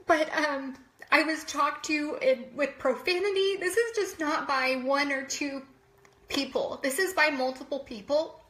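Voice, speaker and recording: A woman's voice: high-pitched, unhurried, bright, forceful tone, reverberant. A woman in her thirties crying as she tells viewers, apologizing often and speaking straight to them. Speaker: vlogger. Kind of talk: emotional personal vlog.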